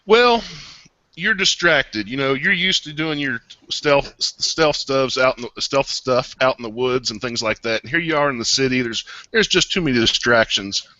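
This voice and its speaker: A man's voice: medium pitch, normal speed, pushed and bright, dry recording, highs cut off. A man narrating as game master in a tabletop game, describing scenes in a casual storytelling way.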